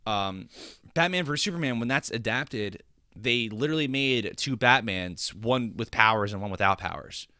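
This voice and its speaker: A man's voice: mid-range voice, lively intonation, moderate pace, bright, forceful tone, no echo, studio quality. A young man co-hosting a casual podcast chat, rambling with many restarts and fillers. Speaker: podcast co-host.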